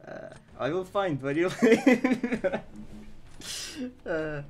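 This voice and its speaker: A man putting on a mock Russian accent to voice a menacing tough guy, speaking slowly and deliberately. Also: high voice, animated, a little mellow, pitched above the performer's own voice, heavily acted. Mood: mock menace. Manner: slow, deliberate, mock-threatening.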